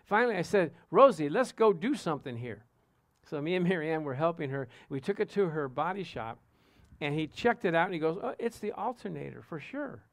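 A pastor with a slightly high voice preaches briskly, with no echo, telling personal stories in an animated way. He keeps calling out to the congregation, asking "Amen?"

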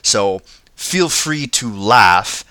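Brief: talkative male podcast host, bright tone, dry studio mic, stumbles over words. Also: lowish voice, lively intonation, extremely slow, clean tone, dry recording. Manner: chatty, stammers and laughs often. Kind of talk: casual comedic podcast chat.

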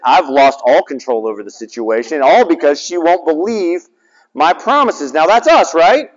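A man's voice: a little high, brisk. A man preaching a sermon, telling family stories with voices and asking his listeners rhetorical questions. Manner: animated storytelling, acting out family dialogue and rhetorical questions. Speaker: pastor. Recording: dull sound in a reverberant hall.

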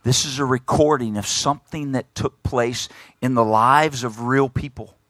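A man preaching a sermon, retelling a scripture story in lively everyday speech and often repeating his words. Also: medium pitch, moderate pace, no echo.

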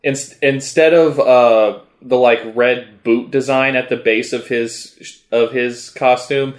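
A man's voice: medium pitch, steady tone, slow. A man in casual conversation about comics, rambling with frequent restarts and laughs. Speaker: podcast co-host discussing comics. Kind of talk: casual chat.

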